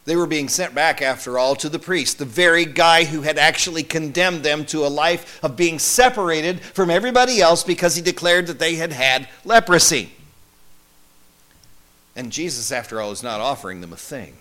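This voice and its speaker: A man playing a male disciple who recalls his travels in a first-person monologue, wry and conversational, with lively swings in emphasis. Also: a little high, normal speed. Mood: earnest recollection. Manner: conversational, wry, animated storytelling.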